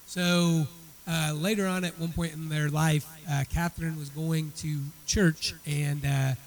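A man's voice: on the high side, flat delivery, measured pace, low-quality recording. A man teaching a church Bible study. He retells a story in a conversational way and often repeats words as he restarts his sentences.

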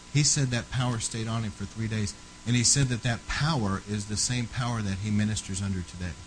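A man preaching a fervent sermon, rising to loud, emphatic peaks and then dropping low and quiet. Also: slight background noise, low-quality recording.

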